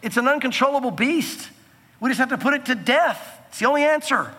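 A man preaching a sermon from the pulpit, earnest and emphatic, slowing down to stress key phrases. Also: very high-pitched, animated, sharp tone, slightly rough, long reverb tail. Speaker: pastor.

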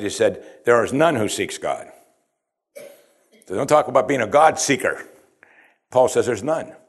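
A man preaching an expository sermon, conversational and emphatic, often asking his listeners questions. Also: medium pitch. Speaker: pastor.

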